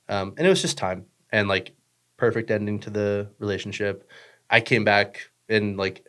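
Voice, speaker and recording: A man's voice: on the low side, fairly bright tone. A young man chatting casually as a podcast guest, rambling with lots of fillers, swearing and joking. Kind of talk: casual chat.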